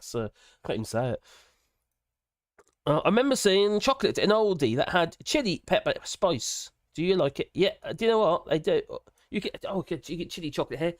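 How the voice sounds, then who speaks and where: Giggly woman, lively pitch. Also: brisk, no echo, studio quality. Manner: giggly, chatty, exclamatory. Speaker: live stream host. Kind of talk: casual live stream chat.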